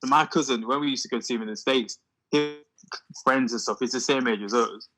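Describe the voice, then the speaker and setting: A man in casual conversation, talking in an animated way with lots of "you know what I mean". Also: medium pitch, brisk, over music, low-quality recording. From Hull, England. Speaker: discussion guest. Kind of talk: casual chat.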